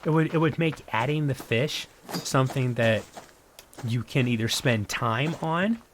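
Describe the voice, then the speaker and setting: A man streaming a survival game live, thinking aloud in a relaxed, rambling way as he plays. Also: mid-range voice, a little slow, slight background noise. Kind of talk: casual live-stream gameplay commentary.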